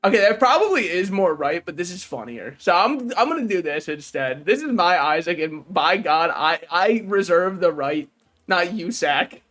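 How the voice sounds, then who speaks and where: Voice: mid-range voice, big pitch swings, moderate pace, fairly bright tone, faint music behind. A streamer giving casual gaming commentary, joking, swearing freely and talking back to chat and the game's characters. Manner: talks to chat and game characters.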